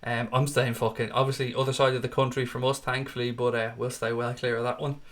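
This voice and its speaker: Casual live-stream host: Irish man from Dublin, late thirties, mid-pitched, chatty and profane, reading viewer comments. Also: little pitch movement, fast, a bit bright. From Ireland. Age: 30s. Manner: chatty, swears freely, calls viewers mate. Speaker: watchalong host.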